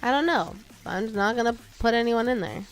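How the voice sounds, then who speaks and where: A woman's voice: on the high side, lively intonation, brisk, soft background music. A young woman streamer with a slight Texan twang, chatting casually with her viewers while she works, self-deprecating and laughing often.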